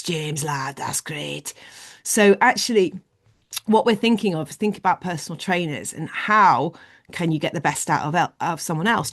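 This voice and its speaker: A woman leading an online leadership training session, explaining ideas in an animated way on a video call. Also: medium pitch.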